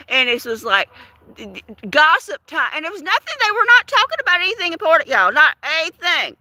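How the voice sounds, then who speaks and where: A woman chatting on a livestream, telling a story to viewers in an animated, talkative way. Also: very high voice, brisk, no echo. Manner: chatty, animated, repeats words for effect. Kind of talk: casual livestream chat, storytelling.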